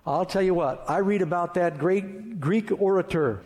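A man's voice: high voice, normal speed, a little mellow. A man pastor preaching an emphatic sermon and reading scripture aloud. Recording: reverberant hall.

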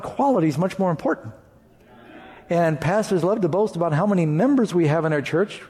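Male pastor preaching, kinda high voice, earnest w/ lots of questions to the room, big echoey hall. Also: mellow. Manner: earnest preaching with rhetorical questions and homely asides. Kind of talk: sermon.

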